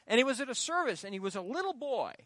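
A man's voice: very high-pitched, very animated, fast, fairly bright tone, dry recording. A middle-aged male pastor preaching a sermon with emphasis, prompting the congregation to call out the missing words. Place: church.

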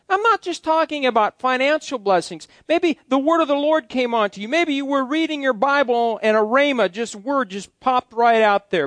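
Male pastor, middle-aged, folksy preacher, high-pitched voice, dry close mic. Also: a bit bright, no echo. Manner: folksy, joking asides to the congregation. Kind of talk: sermon.

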